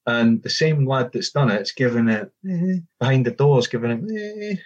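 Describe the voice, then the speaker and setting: A man's voice: mid-range voice, animated, moderate pace, highs cut off. A middle-aged man and former footballer telling a casual anecdote, acting out the quoted dialogue with frequent restarts.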